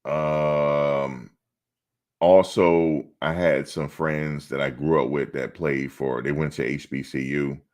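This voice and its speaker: A middle-aged man with an extremely deep, low voice hosts a sports live stream. He talks casually and bluntly, answering his chat in a streetwise way. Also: steady tone, slow pace, darkish tone. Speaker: sports channel host.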